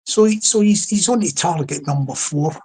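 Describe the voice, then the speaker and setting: Speaking at a moderate pace, a Scottish livestream host chats and rambles through comedic live commentary, often repeating words and restarting. His voice sits high and is husky and a little mellow, recorded in low quality.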